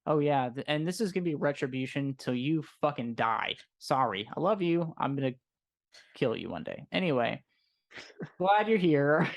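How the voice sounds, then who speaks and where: A man's voice: a little high, sing-song, normal speed, gravelly. A man in his thirties co-hosting a movie stream, talking in casual chat with a sarcastic, teasing manner. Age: 30s. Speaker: co-host.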